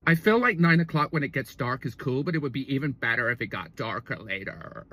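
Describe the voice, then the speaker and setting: A man voicing a bored young Californian woman who speaks with a croaky vocal fry that trails off at the end of each sentence. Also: mid-range voice, lively intonation, a little fast, fairly bright tone. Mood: languid. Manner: starts every sentence with "I feel".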